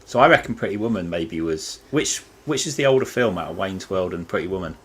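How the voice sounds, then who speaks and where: A man on a casual panel, matter-of-fact, reasoning through dates out loud. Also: deep voice, expressive, fast, slight background noise.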